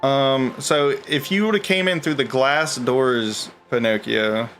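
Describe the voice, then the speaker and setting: A man's voice: medium pitch, slow, a bit bright, faint music behind. A man narrating as game master of a tabletop game, rambling with lots of fillers and laughs.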